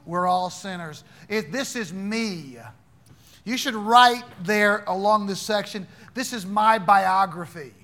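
A man's voice: high voice, slow, bright, forceful tone. A man teaching an interactive Bible class, quizzing his students in a playful, teasing way.

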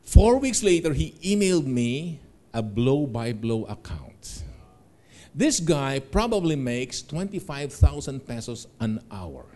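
A man's voice: mid-range voice, very animated, slow, mellow. A middle-aged man giving a motivational seminar talk, telling stories animatedly, laughing along and acting out the voices of the people in them. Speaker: seminar speaker.

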